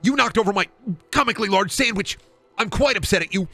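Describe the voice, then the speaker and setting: A fussy, uptight office man, as a man puts him on, complaining in a stiff, prissy tone. The voice is raised well above the speaker's normal pitch and is a touch louder. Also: lively intonation, fast, vocal fry, dry recording, soft background music, exaggerated voice. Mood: indignant.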